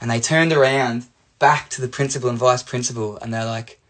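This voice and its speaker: A young Australian man telling a personal story to camera in a chatty, animated way, full of "you know" and "like". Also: medium pitch, fairly quick. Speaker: life coach.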